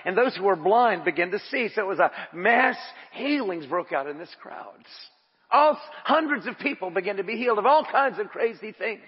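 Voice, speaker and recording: Impassioned high-voiced male pastor preaching. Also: breathy edge, long reverb tail, lo-fi sound. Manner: impassioned, rising to shouts. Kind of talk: sermon. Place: church sanctuary.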